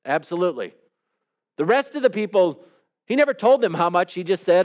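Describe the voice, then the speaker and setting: High-voiced male preacher asking questions. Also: big pitch swings, brisk, darkish tone. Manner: conversational, asks the listeners rhetorical questions. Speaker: pastor. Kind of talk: sermon.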